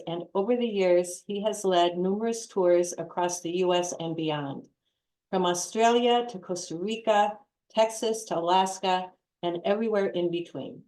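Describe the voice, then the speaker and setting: A woman's voice: fairly low pitch, darkish tone. Woman introducing a speaker in a roomy space. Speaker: event host introducing speaker. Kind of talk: read-out introduction. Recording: roomy echo.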